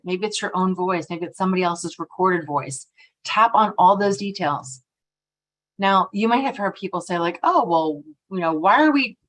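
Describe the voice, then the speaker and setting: A middle-aged woman presenting a workshop on energy tapping, lively and expressive, often checking in with "right?". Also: lowish voice. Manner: lively and expressive, acting out quoted voices; frequently ends points with a questioning "right?". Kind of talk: workshop talk.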